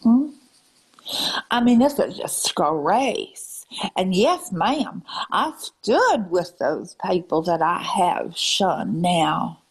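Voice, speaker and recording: A woman drawls in an exaggerated Southern accent as she scolds her live-stream viewers. She talks slowly, and her voice is husky. She calls her viewers ma'am and darling and slips into breathy half-whispers. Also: fairly low pitch, animated, poor audio. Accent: put-on Southern US drawl. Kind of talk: lecturing live-stream rant.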